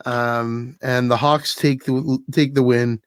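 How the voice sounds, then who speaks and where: A man's voice: medium pitch, takes it slowly, clear, resonant tone, no echo, clean studio sound. Chatty man telling a story. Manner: storytelling, laughs often, animated retelling. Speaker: podcast host. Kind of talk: casual chat.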